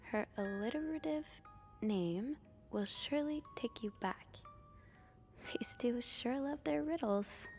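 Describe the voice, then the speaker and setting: A young game heroine with a high, whispery voice who murmurs dry asides almost under her breath. Faint game music hangs behind her. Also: animated, slow pace. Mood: wry hushed. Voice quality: whispery, hushed.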